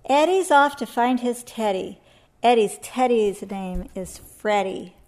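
A woman reading a rhyming children's story aloud in a gentle, sing-song way. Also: on the high side, animated, takes it slowly. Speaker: storybook reader.

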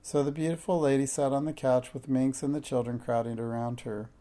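A man reading a children's storybook aloud in a warm, measured storytelling manner. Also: medium pitch, level tone. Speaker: narrator.

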